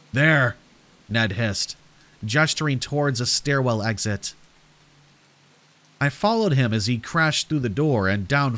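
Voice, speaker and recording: A man reading a horror story aloud in a steady, measured narration meant for sleep. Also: mid-range voice. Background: rain.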